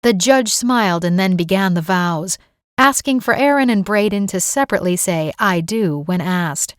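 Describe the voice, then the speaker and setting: A woman author narrating her own romance novel as an audiobook, telling it in an even, gentle way. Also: medium pitch, normal speed, no room sound, studio quality.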